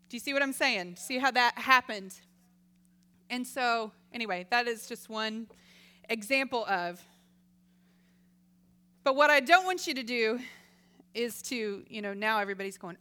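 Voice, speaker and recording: A middle-aged woman giving a casual Christian teaching talk, telling stories lively and acting out voices. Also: a little high, moderate pace, pauses often, clean tone. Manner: lively storytelling, acts out quoted voices, laughs often. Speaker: Christian speaker.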